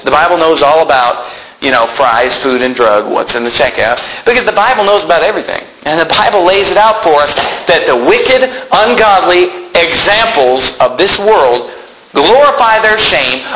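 A male pastor preaching a fiery sermon, swinging from sarcastic muttering to shouting. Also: fairly high pitch, slight background noise. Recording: echoey room.

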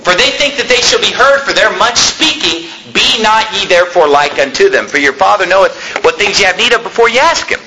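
A man preaching a sermon with emphasis, his voice rising toward near-shouting and then dropping low. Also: animated, a little fast, few pauses, slight background noise, rough recording.

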